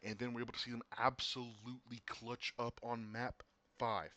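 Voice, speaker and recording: A man casting an esports match, excitable, often repeating and restarting words, his voice getting worn. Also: medium pitch, normal speed. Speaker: esports caster. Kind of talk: casual esports commentary.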